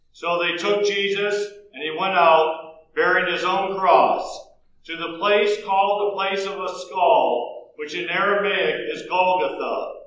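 A man narrating scripture in a steady, solemn, measured reading. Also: sits high. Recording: very echoey room, faint noise.

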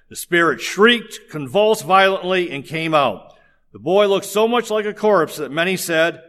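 A man preaching a sermon, telling stories in an animated way and joking with the congregation. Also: a little high, normal speed. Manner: animated storytelling with jokes to the congregation. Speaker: pastor.

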